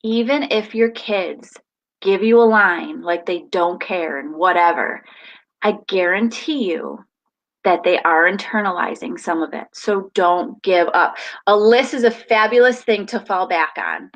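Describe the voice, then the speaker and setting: A woman hosting a live parenting advice talk, animated and emphatic as she speaks straight to viewers. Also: medium pitch, a little slow, rough recording. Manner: animated, emphatic, acts out family dialogue.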